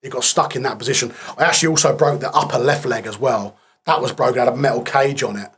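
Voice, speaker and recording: A husky-voiced man in his thirties speaks as a podcast guest. His voice sits at a middling pitch. He tells his story plainly and quietly, often trailing off. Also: fast. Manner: plain-spoken, subdued, trails off in places. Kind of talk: recounting a war injury in a casual interview.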